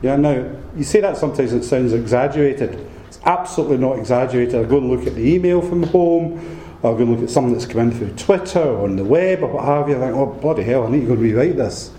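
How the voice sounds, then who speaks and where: Scottish male lecturer, mellow voice, roomy hall, faint background hum; relaxed and jokey with the crowd. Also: medium pitch, fast talker. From Scotland. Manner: chatty, joking, animated. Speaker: guest lecturer. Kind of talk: public lecture. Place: lecture room.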